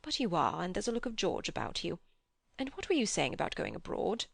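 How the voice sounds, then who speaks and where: A woman reading as a soft-spoken old man in a classic novel audiobook, slow and earnest with a gravelly rasp under the words, heard up close in a dry booth with no room sound. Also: medium pitch, huge pitch swings, dry recording, exaggerated voice. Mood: gentle. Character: kindly old widowed man, gentle and grave.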